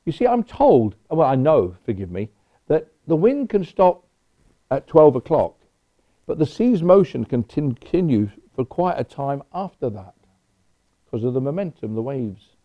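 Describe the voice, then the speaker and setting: Animated preacher, lo-fi recording. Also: male voice, medium pitch, measured pace. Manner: conversational preaching with personal asides. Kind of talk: sermon. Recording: dull lo-fi recording.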